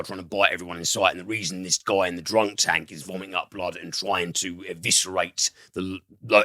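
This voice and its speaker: Deep-voiced, swearing podcast film reviewer. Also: male voice, sharp tone, dry recording, studio quality. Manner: rambling and swears freely, with many fillers. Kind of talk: casual film review chat.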